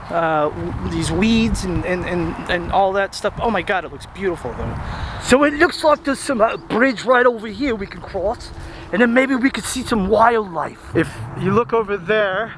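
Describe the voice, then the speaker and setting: High-voiced man chatting outdoors. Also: measured pace, background noise. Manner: chatty, rambling, excited. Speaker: vlogger. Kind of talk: casual walking tour narration. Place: outdoor city park.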